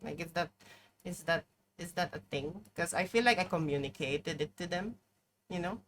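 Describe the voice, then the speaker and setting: A woman's voice: fairly low pitch, normal speed, a little hiss or hum. A woman streaming live, commenting on her game in an exasperated, profane way, peppering her talk with "like". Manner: exasperated, profane, heavy use of "like".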